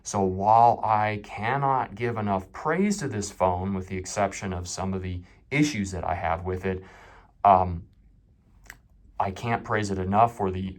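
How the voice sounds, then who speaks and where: A man hosting his own tech channel, giving a candid, unscripted phone review with a self-deprecating, off-the-cuff manner. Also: fairly low pitch.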